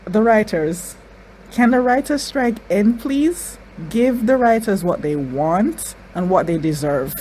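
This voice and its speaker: An excitable woman reacts to a show, exclaiming and repeating herself with plenty of "y'all" thrown in. Her voice sits at an ordinary middle pitch and sometimes gets tearful. A faint hiss runs under the recording. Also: slow, poor audio. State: crying. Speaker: reaction video host.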